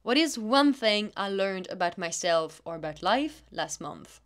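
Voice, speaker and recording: A woman's voice: medium pitch, very animated, measured pace. A young woman hosting a solo podcast, speaking in an earnest, encouraging coaching tone. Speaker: podcast host, athlete.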